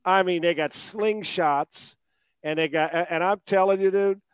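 Coach dude rambling and joking, kinda high voice, dry sound. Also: male voice, a little slow, clear, resonant tone, dry recording. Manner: rambling, joking, stumbling restarts. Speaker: football coach. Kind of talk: casual podcast chat.

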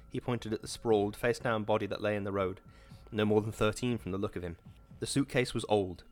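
A man narrating an audiobook in a measured, dramatic reading. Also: on the low side, steady tone. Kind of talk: scripted narration.

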